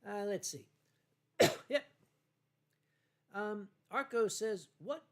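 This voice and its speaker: A tipsy man hosting a casual livestream from home, rambling and halting through viewer comments with many fillers and restarts. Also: sits high. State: tipsy from wine. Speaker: livestream host.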